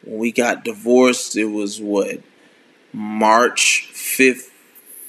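Guy in his 30s, lowish voice, earnest and halting, keeps restarting, personal story. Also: flat delivery, fairly bright tone. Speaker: speaker sharing a personal testimony. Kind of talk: candid personal talk.

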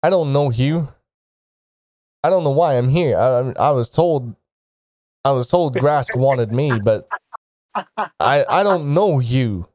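A man playing a wounded male thug in a tabletop game, stammering and pleading, slow-spoken, mellow low tone, dry close sound. The captive repeats his denials in a strained voice. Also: animated, dry recording. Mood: pained, pleading.

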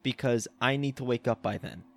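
A young man telling an animated, laughing story in casual chat among friends. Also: mid-range voice, a little fast, slight background noise.

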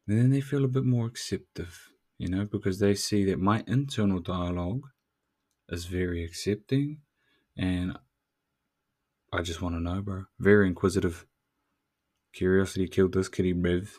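Slangy, low-voiced New Zealand man hosting. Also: normal speed, darkish tone. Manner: slangy, swearing, talks straight to the listener. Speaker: podcast host. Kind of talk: casual podcast monologue.

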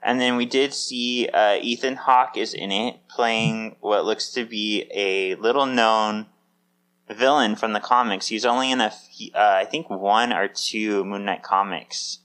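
Chatty low-voiced male podcast host. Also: steady tone, a little slow, a bit bright, clean tone. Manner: chatty, upbeat, many fillers. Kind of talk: casual chat.

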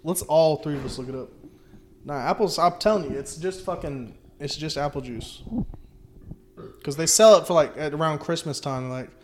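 A man's voice: on the high side, normal speed, darkish tone. A man in casual podcast chat, laid-back and insistent, swearing often. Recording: noisy background.

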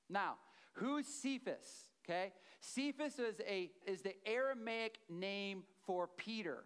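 A man preaches in a chatty storytelling way, stopping to check in with his listeners. He repeats key phrases for emphasis, and his voice sits high for a man. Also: a little slow, smooth. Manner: conversational storytelling with checks to the audience. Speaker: pastor. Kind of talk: sermon.

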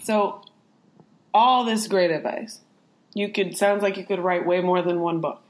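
A woman's voice: fairly low pitch, unhurried. A woman hosting a podcast interview, speaking casually in short, encouraging interjections. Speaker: podcast host.

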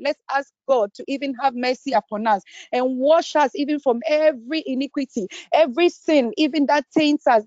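A woman with a high voice leads a fervent congregational prayer, punctuating each phrase with "oh God" and breaking into speaking in tongues. The recording sounds dull and lo-fi, with a dry, close sound. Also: a little mellow, no room sound. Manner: repeats "oh God" between phrases. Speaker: prayer leader.

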